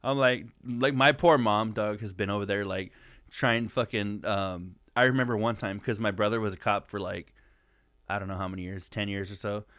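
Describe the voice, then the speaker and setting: A man's voice: lowish voice, fairly even intonation, moderate pace, a bit bright, no echo, clean studio sound. A young adult man co-hosting a podcast, rambling through stories, laughing often and swearing freely. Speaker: podcast co-host. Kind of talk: casual profane chat.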